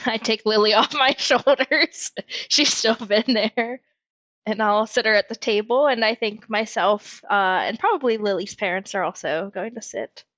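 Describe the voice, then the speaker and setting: A woman's voice: fairly high pitch, unhurried, fairly bright tone, highs cut off. A woman playing a tabletop game, talking in a chatty, giggly way. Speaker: player.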